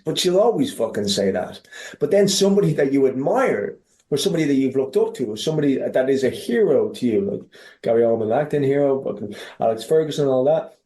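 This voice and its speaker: An Irish man tells stories as a podcast guest, animated and salty-tongued, tripping over his own restarts as he goes. His voice is mellow and warm rather than bright, and it rings a little in a roomy space. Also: a little high. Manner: animated, profane, many restarts. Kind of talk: casual interview storytelling.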